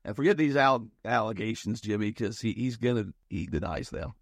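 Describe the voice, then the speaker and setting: A man's voice: fairly low pitch, expressive, a little fast, dry recording, studio quality. A man co-hosting a podcast in casual chat, rambling and thinking aloud with many restarts. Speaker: podcast co-host.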